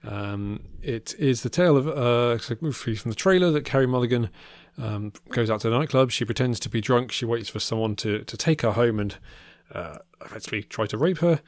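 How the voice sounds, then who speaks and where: A man's voice: lowish voice, no echo. A man co-hosting a podcast, chatting casually about films with many ums and restarts. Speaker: podcast co-host. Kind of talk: casual film review chat.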